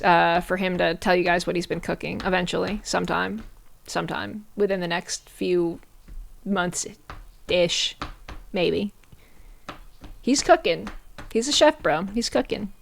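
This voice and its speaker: A woman's voice: medium pitch, fairly bright tone. A young adult woman streamer chatting casually to her viewers, swearing and using slang, often laughing.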